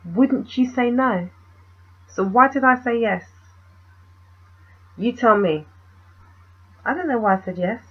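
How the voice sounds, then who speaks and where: A woman's voice: a little high, takes it slowly, pauses often, breathy edge, lo-fi sound. A young woman, telling a story in a casual, rambling vlog and asking the viewer questions.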